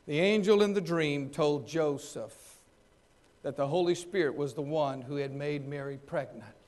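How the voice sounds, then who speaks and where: High-voiced man preaching a dramatic sermon. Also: unhurried. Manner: dramatic preaching, acting out voices, swinging loud and soft. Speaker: pastor.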